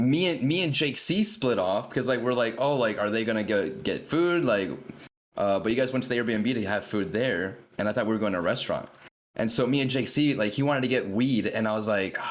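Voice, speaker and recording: A man's voice: on the low side, fairly quick. A young man on a podcast, telling a long story in casual chat and rambling with lots of "like" fillers. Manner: rambling, heavy filler "like", animated retelling. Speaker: podcast regular.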